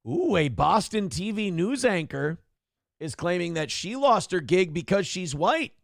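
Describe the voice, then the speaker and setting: A man's voice: sits high, big pitch swings, measured pace, vocal fry, no room sound, studio quality. A man hosting a live morning show, joking, swearing freely and reading viewer messages aloud. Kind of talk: casual live-stream talk.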